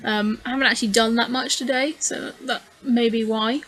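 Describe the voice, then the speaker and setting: Her tone crisp, bright, and a bit high yet steady, a scrapbooking host gives a casual, hesitant voice-over for her craft video. She yawns, sounds tired, and rambles with frequent ums while thinking aloud, over slight background noise on poor-quality audio.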